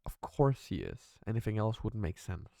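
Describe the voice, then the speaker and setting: Low, smooth-voiced man reacting to music. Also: wildly swooping pitch, normal speed, warm tone, no echo, clean studio sound. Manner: thoughtful, searching, swears casually. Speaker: music reaction video host. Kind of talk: casual reaction commentary.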